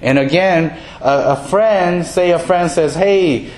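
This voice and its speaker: A man's voice: fairly high pitch, measured pace, darkish tone. Man preaching a conversational sermon. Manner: conversational, self-deprecating, acts out quoted voices. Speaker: pastor.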